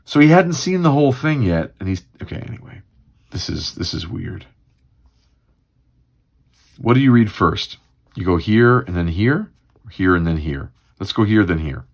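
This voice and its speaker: Gravelly, low-voiced man musing aloud. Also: expressive, normal speed. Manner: musing, rambling, with fillers. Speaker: comics read-through host. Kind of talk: casual livestream commentary.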